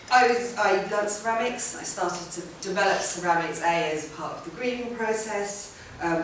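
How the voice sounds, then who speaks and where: A woman's voice: medium pitch, a bit bright, slight background noise. A woman artist giving an informal public talk about her work, chatty and rambling, with many ums and restarts. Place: event room or hall. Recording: roomy hall sound from a distant mic.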